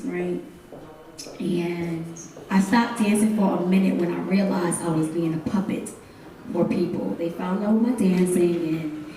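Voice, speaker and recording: A young woman performing spoken word poetry on a live stage, speaking in rhythmic refrains and leading call-and-response, rising into intense, loud gasps and cries. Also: lowish voice. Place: hotel event stage, live audience. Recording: very echoey room, voice from far off.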